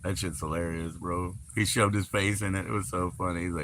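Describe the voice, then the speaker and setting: A man's voice: deep voice, fairly even intonation, fairly quick, few pauses, fairly bright tone, slight background noise. A man hosting a livestream, chatting loosely with lots of swearing, fillers and laughter. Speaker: livestream host. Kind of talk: casual rambling livestream chat.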